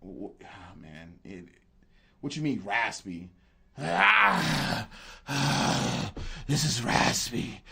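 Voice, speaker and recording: A man's voice: medium pitch, animated, very slow, creaky, bright, forceful tone, breathy edge. A man producer giving a casual livestream tutorial, answering chat in a laid-back, slangy way and talking straight to viewers. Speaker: beat producer. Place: home music studio.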